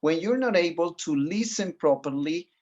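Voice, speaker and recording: Encouraging teacher on a video call. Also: male voice, fairly high pitch, lively intonation, moderate pace, darkish tone, highs cut off. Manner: encouraging, mixes in Spanish explanations. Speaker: English teacher. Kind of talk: online class instruction.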